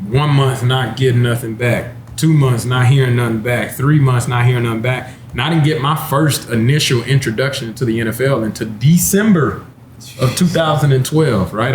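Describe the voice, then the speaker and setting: A man's voice: mid-range voice, normal speed. A man in his thirties from Texas spins a long personal story in an easygoing, conversational voice. He laughs often as he talks. The recording is roomy with a faint hum of the venue behind him. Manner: laid-back, laughing storyteller. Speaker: former NFL running back, panelist. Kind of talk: casual storytelling chat. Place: wine bar, indoors.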